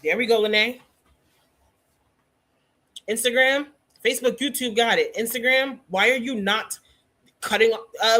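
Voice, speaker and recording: A woman hosting a casual hair care livestream, teaching and teasing viewers by name in an animated way. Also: fairly high pitch, measured pace, long pauses.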